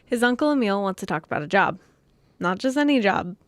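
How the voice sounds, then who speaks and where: A woman's voice: mid-range voice, animated, a little fast, dry recording. A woman co-hosting a podcast, narrating a true story from notes and laughing often.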